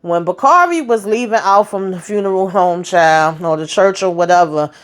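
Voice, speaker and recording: A woman hosting a casual TV episode recap, animated and exasperated, with slangy asides, acting out the characters' lines as she retells scenes. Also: fairly low pitch, moderate pace. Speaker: TV show recap host.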